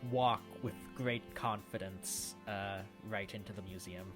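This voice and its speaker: A man playing a tabletop game, speaking haltingly with many fillers. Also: lowish voice, fairly even intonation, over music. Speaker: player. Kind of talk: casual tabletop game chat.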